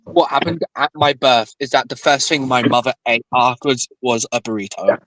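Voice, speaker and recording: A man's voice: medium pitch, steady tone, moderate pace, fairly bright tone, no room sound, rough recording. A man from Europe teasing friends in a casual chat over a video call. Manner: teasing, mock-arrogant. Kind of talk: casual live-stream chat.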